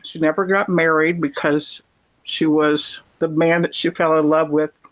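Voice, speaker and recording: A woman's voice: low-pitched, flat delivery, a little slow, rough recording. Woman from the US, rambling chatty storyteller, talking from home mid-snack. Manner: rambling, digressive storytelling while eating. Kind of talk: casual chat. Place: at home in her apartment.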